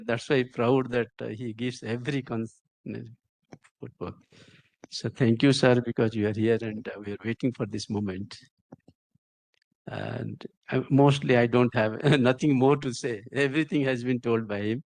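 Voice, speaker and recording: An older man with an Indian English accent giving a halting, emotional speech at a ceremony. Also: mid-range voice, steady tone, creaky, a little mellow, no room sound. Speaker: senior professor giving a speech.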